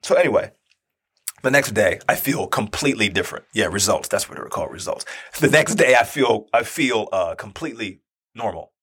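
A man's voice: on the low side, brisk, husky. A man in his thirties telling a personal story in casual talk, acting out the quoted dialogue. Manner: animated, acts out quoted dialogue.

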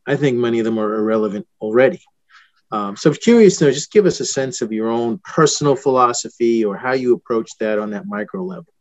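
A middle-aged man hosting an interview, asking earnest, searching questions in halting phrases. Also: medium pitch, dry recording. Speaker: podcast host. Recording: dull, dry lo-fi sound.

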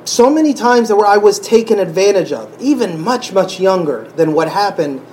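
A man sharing a personal faith testimony in an emotional, halting way, often restarting his sentences and sighing. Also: high-pitched, very animated, darkish tone, slight background noise, low-quality recording. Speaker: church member sharing testimony.

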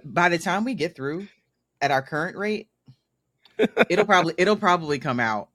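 A man's voice: a little high, animated, normal speed, fairly bright tone, dry recording. A man in his thirties from Mississippi, a guest telling stories in casual conversation and laughing often.

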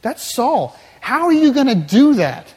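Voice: high voice, sing-song, unhurried, darkish tone, breathy edge. A preacher delivering a sermon, emphatic and building through repeated phrases. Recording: long hall reverb.

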